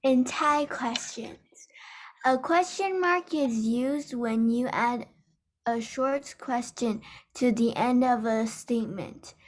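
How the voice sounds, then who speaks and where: A woman student reading a textbook aloud at a slow, careful pace. Her voice sits slightly high, and she stumbles on a word now and then. The sound comes through a video call.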